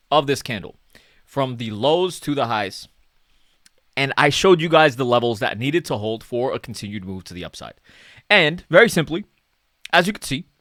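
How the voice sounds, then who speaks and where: A man's voice: mid-range voice, a bit bright, no room sound, studio quality. A man talking casually through market charts as a stock analyst, chatty and self-mocking, often tagging "okay?" and "right?".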